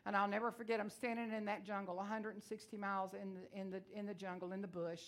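A woman from Texas with a Texan accent, preaching a sermon in a loud, blunt, emotional and folksy way. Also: medium pitch, little pitch movement, fast. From Texas, USA.

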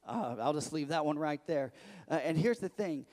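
A man preaching a sermon as pastor, emphatic and repetitive, building to loud declarations. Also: on the high side, expressive, normal speed. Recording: echoey hall.

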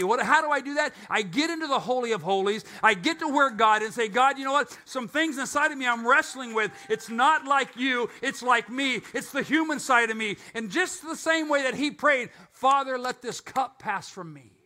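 Older man, pastor, casual sermon delivery, high bright tone. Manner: conversational, self-questioning preaching.

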